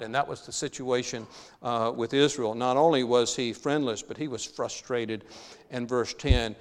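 A man's voice: mid-range voice, big-room sound. A man preaching a sermon, reading scripture aloud with emphasis and then paraphrasing it in a conversational way.

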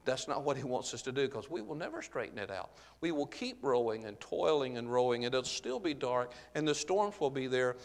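A man's voice: mid-range voice, big pitch swings, a little fast, hardly any pauses. Earnest preacher man in a reverberant hall. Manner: earnest, explanatory, with frequent "uh" fillers. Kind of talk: Bible-teaching sermon. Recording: long reverb of a large hall.

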